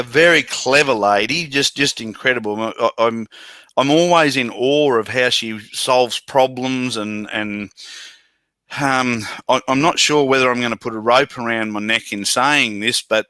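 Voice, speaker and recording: An Australian man who entertains children, chatting in an interview over a video call, self-deprecating and halting with many restarts. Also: medium pitch, sharp tone, dry recording. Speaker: children's entertainer and bush poet.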